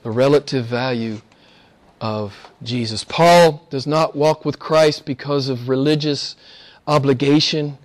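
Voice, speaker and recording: Speaking a little slowly, this male pastor delivers a chatty sermon full of rhetorical questions and emphatic repetition. His voice falls soft and low, then swells into loud excitement.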